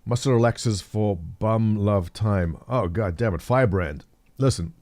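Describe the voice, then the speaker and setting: Hosting a live stream, a middle-aged man talks with viewers in a lowish, unhurried, slightly mellow voice. He's casual and jokey, rambling as he thinks aloud and reads the chat.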